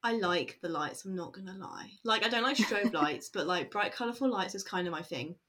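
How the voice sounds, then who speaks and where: A woman's voice: medium pitch, expressive, normal speed, bright, forceful tone. A woman talking casually in an interview, rambling with many fillers and bursts of laughter. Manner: chatty, lots of fillers and laughter. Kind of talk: casual chat.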